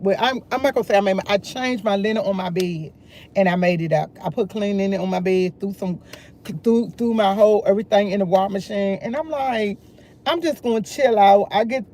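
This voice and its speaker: A woman's voice: medium pitch, darkish tone, slight background noise. A woman, chatting casually on a morning live stream, drawling and greeting viewers by name.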